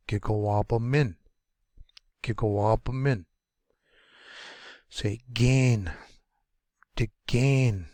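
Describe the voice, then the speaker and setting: A man teaching pronunciation, sounding out words slowly and repeating each syllable. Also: lowish voice, darkish tone, no echo. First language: English. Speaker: language teacher. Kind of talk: pronunciation lesson.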